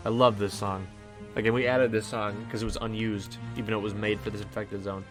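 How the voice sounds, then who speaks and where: A man's voice: on the low side, level tone, brisk. A man hosting a casual game playthrough, talking in a rambling way with many fillers and restarts. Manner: rambling, lots of fillers and restarts, hums along. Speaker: let's play host. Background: faint game music.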